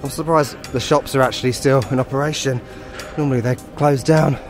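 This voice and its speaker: A man's voice: medium pitch, fairly even intonation, brisk, over music. A man with a West London accent walking and talking to camera in a travel vlog, full of dry sarcastic humor. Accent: West London (Hounslow). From Hounslow, London. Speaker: travel vlogger. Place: outdoors on windy town streets.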